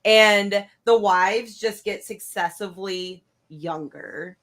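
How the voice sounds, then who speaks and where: A woman's voice: mid-range voice, takes it slowly, fairly bright tone. A woman co-hosting a casual podcast chat, giggling often. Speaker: podcast co-host.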